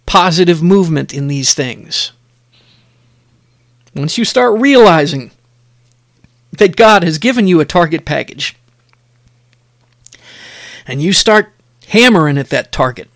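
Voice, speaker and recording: A middle-aged man delivers sermon-like podcast talk in an emphatic, exhorting style. He drives his points home by repeating phrases. His voice sits fairly high, and the recording is close and dry. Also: expressive, measured pace, long pauses, a bit bright, no room sound. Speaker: podcast host.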